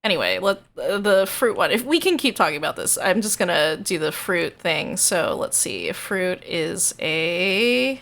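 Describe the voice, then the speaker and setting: A woman's voice: on the low side, sing-song, unhurried, creaky, hardly any pauses, fairly bright tone. A woman streamer in casual, rambling chat, hesitant and self-deprecating.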